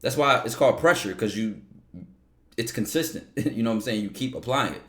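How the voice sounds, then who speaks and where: A man's voice: mid-range voice, brisk, fairly bright tone. A man hosting a call-in advice show, talking bluntly and with energy and swearing freely. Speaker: host.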